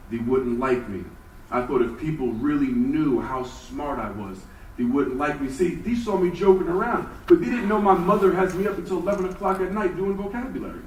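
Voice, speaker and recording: A man giving a personal motivational talk, telling his story and moving between hushed and emphatic moments. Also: fairly high pitch, a little hiss or hum. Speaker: speaker. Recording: roomy hall from far off with faint ambience.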